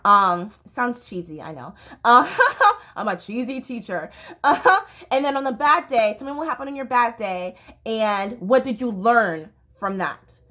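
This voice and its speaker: A woman's voice: on the high side, unhurried, sharp tone. A woman in her thirties, a dance teacher, telling personal stories in a candid, rambling way, full of fillers and restarts. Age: 30s. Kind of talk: personal storytelling vlog.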